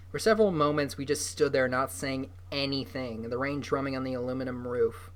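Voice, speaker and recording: Man reading a novel aloud, steady first-person storytelling, middle pitch. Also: a little fast, hardly any pauses. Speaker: reader.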